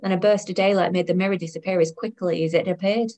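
A woman's voice: lowish voice, steady tone, quick pace, mellow. A woman in her thirties narrating her own story in the first person, in a wry, weary tone. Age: 30s.

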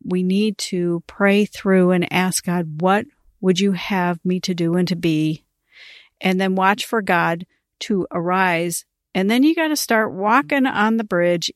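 A middle-aged woman hosting a ministry podcast, telling a story in a casual, animated way and laughing as she talks. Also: on the low side, dry recording, clean studio sound. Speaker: podcast host, ministry coach.

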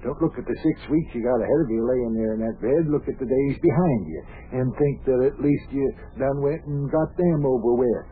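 An actor playing a folksy, hearty small-town mayor who gives cheerful pep talks, on an old radio show. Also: male voice, medium pitch, brisk, hardly any pauses, lightly acted. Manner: folksy, hearty, calls people buster and lad. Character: folksy older male mayor, cheerfully bossy. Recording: tinny old radio broadcast with faint hiss.

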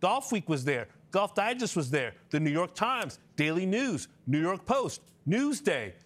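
Brisk male sports show host. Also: high-pitched, big pitch swings, fairly bright tone. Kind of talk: studio sports discussion.

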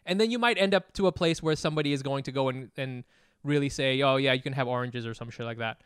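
A Vietnamese-American man in casual podcast chat who talks in restarts, swears and gets louder as he argues. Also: medium pitch, quick pace, clear, resonant tone, no room sound, clean studio sound. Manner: animated, laughing, swearing, restarts.

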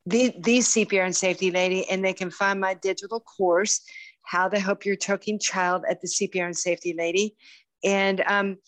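A woman's voice: mid-range voice, fairly even intonation, no echo. Chatty woman in her sixties. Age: 60s. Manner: warm, halting, with many restarts and fillers. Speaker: guest. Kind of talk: casual interview chat.

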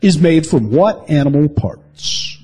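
A man's voice: on the high side, animated, takes it slowly, mellow, husky, soft background music. A man co-hosting a podcast in casual joking chat, playfully teasing and hamming up his game-show announcements. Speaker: podcast co-host.

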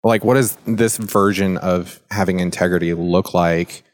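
A man with a very low voice talks in a relaxed, loose way, full of "like" fillers. His delivery stays steady and flat as he poses open questions to his co-hosts in an easygoing conversation. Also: a little slow. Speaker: podcast co-host and youth mentor. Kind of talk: casual discussion.

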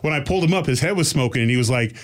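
A man tells a long story at an easy pace and with a middling pitch. His delivery is casual and lively, and he slips into voices for the people in it. The voice sits close to the mic, as on a podcast. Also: very fast. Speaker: podcast guest telling a story.

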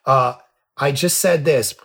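A middle-aged man, a pastor and author, telling a story as a podcast guest, lively and jumping in pitch when he acts out scenes. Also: slow pace, vocal fry, husky. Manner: animated, jumps pitch when acting out scenes. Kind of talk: casual storytelling in an interview.

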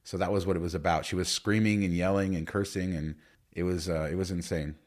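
A man's voice: low voice, steady tone, fairly quick, a little mellow. A man co-hosting a casual podcast chat, telling stories with many fillers and restarts. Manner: rambling storyteller with many fillers. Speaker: podcast co-host.

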